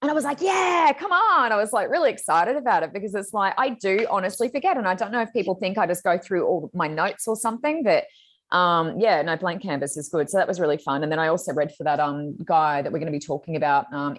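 A low-pitched woman chats casually as a podcast co-host. She tells her stories excitably and fills them with ums and likes. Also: fast. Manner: chatty, excitable storytelling with many fillers. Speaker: psychic medium podcast co-host. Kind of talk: casual chat.

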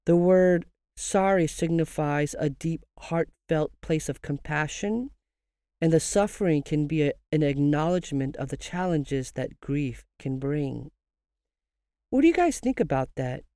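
A podcast host talks through grief advice in a calm, measured counselling tone and slows down on key phrases. The voice is warm and mellow, and it is recorded close and dry with no room sound. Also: medium pitch, dry recording. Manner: asks listeners rhetorical questions. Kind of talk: scripted podcast monologue giving grief advice.

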